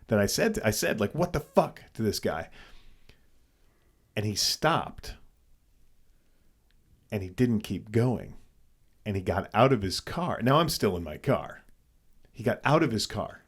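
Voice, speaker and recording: A man's voice: lowish voice, very animated, unhurried, pauses often, slightly rough. A man co-hosting a podcast, telling a story casually and animatedly, with frequent swearing and restarts. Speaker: podcast co-host.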